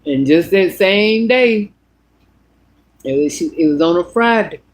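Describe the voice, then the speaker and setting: This vlogger has a fairly low voice and talks slowly, telling a story in a casual monologue. Her delivery is animated and blunt, with plenty of profanity.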